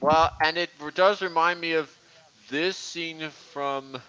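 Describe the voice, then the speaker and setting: A young man hosting a casual livestream, rambling and halting, with many fillers. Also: a little high, sharp tone, clean tone, lo-fi sound. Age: young adult. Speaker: livestream host. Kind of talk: casual chat.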